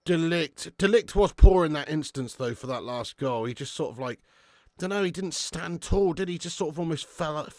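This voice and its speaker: A man hosting a live football watch-along with a fairly high voice whose pitch jumps all over the place. He calls the play with sudden excitement, then drops into weary, swearing grumbles between thanks to his viewers. The sound is close and dry. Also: moderate pace, no room sound. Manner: casual and matey, thanks viewers by name. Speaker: fan channel host doing live match watch-along.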